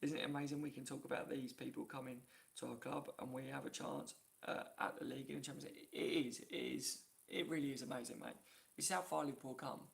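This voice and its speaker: A man's voice: mid-range voice, fairly even intonation, fast, vocal fry. A man hosting a casual live stream from his phone, reading viewer comments aloud and laughing often. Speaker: YouTube live-stream host.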